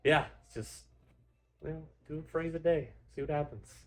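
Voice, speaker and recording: A man's voice: a little high, moderate pace. A man hosting a podcast interview in casual chat, easygoing and encouraging, laughing along with his guest. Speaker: podcast host.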